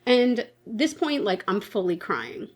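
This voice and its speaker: Speaking a little slowly, this woman in her twenties has a medium-pitched voice with big pitch swings. She's a beauty vlogger doing her makeup as she chats casually, tells a story, laughs frequently, and fills her talk with "like."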